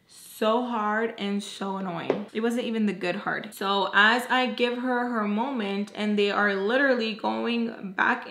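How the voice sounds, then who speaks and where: A woman's voice: on the high side, a bit bright. A young woman makeup artist telling a story time in a casual, exasperated way, full of fillers. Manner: exasperated, chatty, heavy use of "like". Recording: echoey room.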